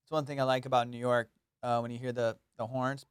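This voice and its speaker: A man hosting a podcast, telling profane, rambling comic stories in a casual, animated way. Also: medium pitch, normal speed, clean tone, no echo, studio quality. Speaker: comedian and podcast host. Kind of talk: casual comedic storytelling. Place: Los Angeles.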